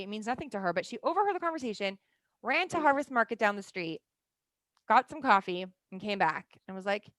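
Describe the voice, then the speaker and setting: A woman in her thirties leads a class in a relaxed, talkative way, checking in with her listeners as she goes. Her voice sits at an ordinary pitch. The sound is dry and close, with no room echo. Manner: chatty, often asks "right?" and leans on "like". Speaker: teacher of a Torah class. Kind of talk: conversational class lecture.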